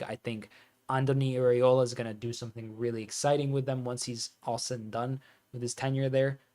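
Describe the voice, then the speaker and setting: Excitable man commentating a football watch-along. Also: medium pitch. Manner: excitable fan commentary, reads out scores and reacts to chat.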